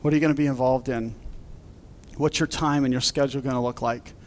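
A man preaching a sermon, telling a funny personal story in an animated way and laughing along. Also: medium pitch, fast talker, a little hiss or hum. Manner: animated storyteller, laughs through his anecdotes. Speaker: pastor.

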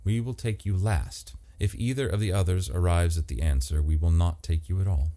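A man voicing a calm, coolly formal, uncanny male stranger in an audiobook, soft-spoken and precise. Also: deep voice, normal speed, natural voice.

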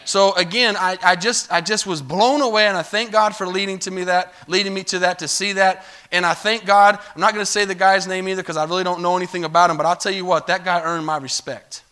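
A man's voice: high voice, fairly even intonation, quick pace, few pauses, sharp tone. A man preaching a sermon in a church, telling a story in a loose, conversational way and calling for amens. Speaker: pastor. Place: church sanctuary.

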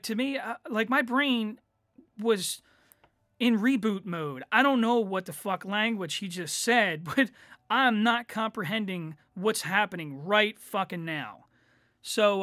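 A man tells a story on his own podcast. He rambles and swears constantly, leaning on fillers. His voice is bright and forceful, and the recording is close and dry. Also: sits high, no room sound. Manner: rambling, profane, lots of fillers. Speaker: podcast host. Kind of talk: casual solo storytelling.

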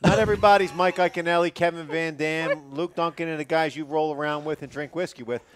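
A man's voice: on the high side, fairly even intonation, fairly quick, a little hiss or hum. A man who is a union member, joking and swearing while playing devil's advocate in a casual podcast chat.

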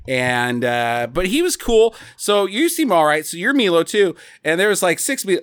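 Lively high-voiced man recapping a movie. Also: moderate pace, hardly any pauses, smooth, no room sound, studio quality. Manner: joking, profane, animated retelling with mimicked lines. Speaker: podcast co-host. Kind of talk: casual movie recap chat.

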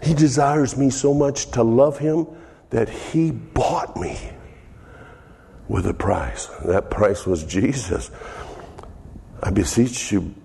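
A man's voice: medium pitch, slow pace, vocal fry, pauses often, dark tone, long reverb tail, a little hiss or hum. A man preaching as a pastor, reading scripture and reflecting on it earnestly, in a preacherly manner with restarts. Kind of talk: sermon, Bible reading and reflection.

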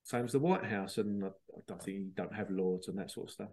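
A man's voice: fairly low pitch, fairly quick, a little mellow. A man hosting a podcast, talking in a rambling, digressive monologue and mocking other people in put-on voices. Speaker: podcast host. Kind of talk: casual spoken monologue.

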